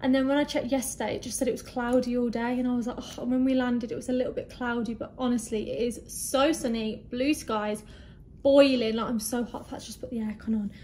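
A woman's voice: fairly high pitch, fairly quick, slight background noise. Bubbly young woman vlogging a hotel room. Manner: chatty, bubbly, easily excited. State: slightly out of breath. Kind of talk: casual travel vlog. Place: hotel room in hot weather.

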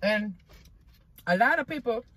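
A woman's voice: fairly high pitch, animated, measured pace, fairly bright tone. A woman talking casually to her viewers while eating, outdoors in a parking spot and recorded on her phone, folksy and chatty, often calling them "y'all" and "child". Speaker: vlogger eating on camera. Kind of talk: casual chatty mukbang vlog. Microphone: phone camera.

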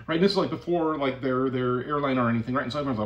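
A man's voice: a little high, racing, few pauses, highs cut off. A man delivering a mock-serious comic rant, playful and insistent, tagging lines with "right?". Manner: playful, keeps asking "right?"; animated, fake-conspiracy insistence. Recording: echoey room.

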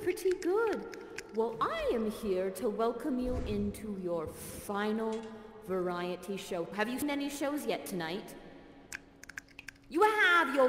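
An actress playing Rhonda, a bubbly, encouraging dance guide leading the audience through a playful performance in a live virtual theater show. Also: female voice, mid-range voice, echoey room, long reverb tail, a little hiss or hum.

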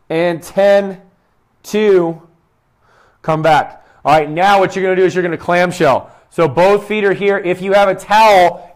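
A young man, a fitness coach, leading a guided exercise session, counting reps aloud and giving short, upbeat cues. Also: high-pitched. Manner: talks quietly to avoid shouting into the mic.

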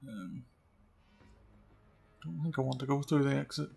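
A man giving casual gameplay commentary, chatty and often dropping to quiet muttering as he sneaks around. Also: medium pitch, unhurried, creaky, husky, soft background music. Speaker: let's play gamer.

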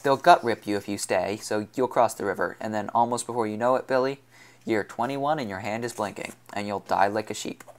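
A man reading as a calm runaway man. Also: fairly low pitch, fairly quick, close to an everyday voice. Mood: steady. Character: hardened young man on the run, calm and probing. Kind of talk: audiobook character reading.

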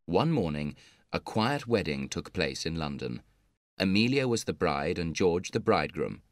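A man narrating a story for English learners in a measured, clear reading. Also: low-pitched, big pitch swings, no room sound.

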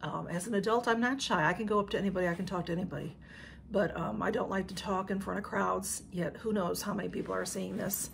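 A woman YouTuber does a casual unboxing to camera, effusive and thanking over and over. She talks fast in a creaky, mid-range voice, and background noise is audible.

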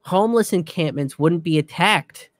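A man's voice: a little high, normal speed, dry recording, studio quality. A young man and comedian giving heated, profane political commentary, ranting and restarting his sentences.

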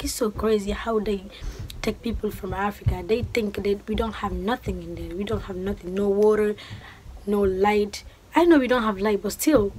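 A young woman from Guinea talks straight to her viewers in a loose, chatty vlog, her voice sitting at an ordinary middle pitch. She acts out the back-and-forth of the conversations she recounts. A faint hum of noise stays under the recording. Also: low-quality recording. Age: 20s. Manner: animated storytelling, acting out quoted exchanges. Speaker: vlogger. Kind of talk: casual chat to camera.

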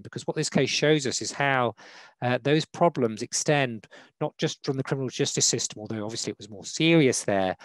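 A man speaking as a law panelist in a formal online talk, measured and hesitant with frequent fillers, on a video call. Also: fairly low pitch, dry recording, rough recording. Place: online webinar.

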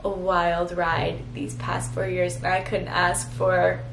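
A woman's voice: on the low side, flat delivery, slow pace, creaky, echoey room, a little hiss or hum, rough recording. A woman in her twenties talking to the camera in a sentimental, rambling vlog, close to tears and full of fillers. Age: 20s. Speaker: vlogger.

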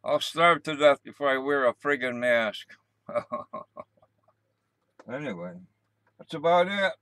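An older man hosting a casual livestream, rambling and repeating himself, gruff and cursing mildly as he wanders between stories. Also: medium pitch, animated, a little slow, fairly bright tone, dry recording. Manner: repetitive, meandering, gruff with mild cursing. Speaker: livestream host. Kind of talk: rambling casual live chat.

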